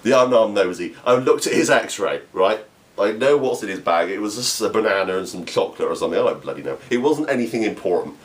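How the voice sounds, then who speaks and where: Young English man, amateur stand-up; animated delivery with lively pitch, quick laughs, restarts. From England. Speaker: amateur comedian. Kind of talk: storytelling comedy monologue.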